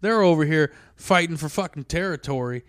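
A man's voice: a little high, expressive, fairly bright tone, no room sound, clean studio sound. A man in casual chat, joking and swearing as he recalls his school days. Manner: joking, profane, quick quips.

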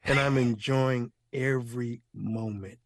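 A man's voice: medium pitch, steady tone, slow. An older man, a guest author, telling stories with exuberant energy, laughing often and using playful slang. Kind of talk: animated storytelling interview.

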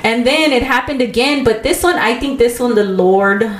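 Woman on a podcast telling a wild story, voices everybody, a bit high, echoey room. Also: moderate pace. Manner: animated storyteller, acts out quotes in higher voice. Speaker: podcast co-host. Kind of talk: casual storytelling chat.

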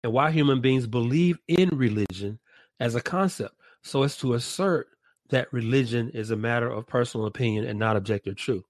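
Deliberate man, dry close sound. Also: medium pitch, no echo. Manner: deliberate, restates and rephrases his points. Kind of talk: reflective podcast discussion.

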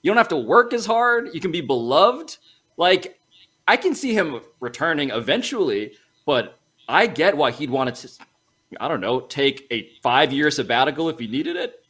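A man's voice: a little high, moderate pace, husky. A man hosting a sports podcast, wry and teasing in casual chat. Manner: wry, teasing, animated delivery. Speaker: podcast host.

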